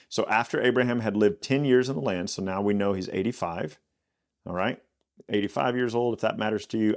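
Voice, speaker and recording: A man hosting a Bible study podcast, reading scripture aloud and explaining it in a relaxed, conversational way with joking asides. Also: lowish voice. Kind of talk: casual Bible teaching.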